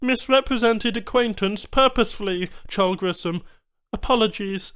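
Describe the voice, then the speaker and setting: Alien trader, male, halting broken speech, voiced by a male narrator, raised pitch, smooth tone. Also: fairly bright tone. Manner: clipped broken phrasing, formal apologies.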